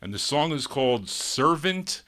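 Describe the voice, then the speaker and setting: A man's voice: on the high side, sing-song, unhurried, sharp tone. A man hosting a live oldies record show, chatting between records and talking to listeners, laughing as he goes. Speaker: oldies radio show host.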